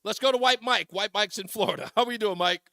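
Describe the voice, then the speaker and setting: Animated high-voiced male radio host. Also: fast talker, vocal fry, dry recording, clean studio sound. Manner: animated, mocking, puts on voices for quotes. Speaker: radio talk show host. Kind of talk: talk radio monologue and calls.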